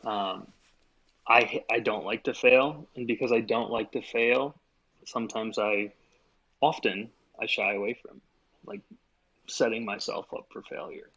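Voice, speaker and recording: A male podcast co-host thinking aloud in a loose, reflective way with plenty of fillers. His voice has a medium pitch for a man. The recording sounds a little dull and lo-fi. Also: a little slow, gravelly, a bit bright, husky. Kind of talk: casual podcast chat.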